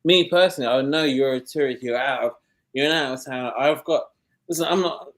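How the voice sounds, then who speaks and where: A man's voice: medium pitch, fairly quick. A man with a London accent, talking in a casual conversation, blunt and rambling, with many false starts. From London, England.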